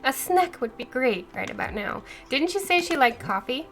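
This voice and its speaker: A woman's voice: sits high, big pitch swings, normal speed. A woman streaming a cozy game, chatting upbeat and thinking aloud as she plays. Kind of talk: casual let's-play commentary. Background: soft game music.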